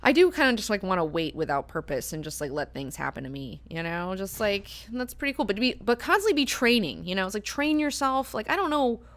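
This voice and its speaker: A woman's voice: mid-range voice, sing-song, fairly quick, hardly any pauses. A woman hosting a book club discussion, talking casually with many fillers and frequent swearing. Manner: chatty, filler-heavy, swears freely.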